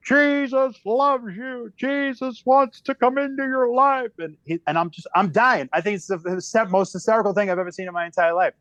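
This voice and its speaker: A man in his fifties, a comedian, spinning a story with big, animated energy and constant laughing emphasis. His voice sits a bit high for a man. The sound is close and dry, with no room around it. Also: no room sound, muffled recording. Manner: lively, exaggerated, laughing at his own story. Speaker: comedian guest.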